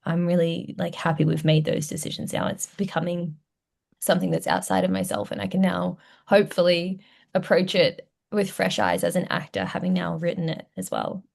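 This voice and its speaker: A woman's voice: on the low side, little pitch movement, moderate pace, creaky, a little mellow. A woman with an Australian accent, an actor and writer guesting on a podcast, talking in a reflective, considered way. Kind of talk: casual podcast interview.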